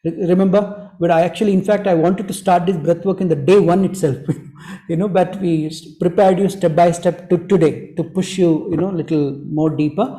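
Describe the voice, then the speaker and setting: A man, teaching breathwork to an online group in a gentle, repetitive way that leans on "you know". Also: high-pitched, fairly even intonation, fairly quick, echoey room, poor audio. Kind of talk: online group workshop talk.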